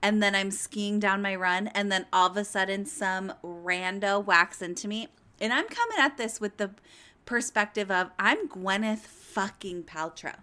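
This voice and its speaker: A woman hosting a podcast, giving crude, gossipy, animated commentary on courtroom clips. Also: medium pitch, moderate pace, clear, resonant tone. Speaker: podcast host. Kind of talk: comedic commentary on trial clips.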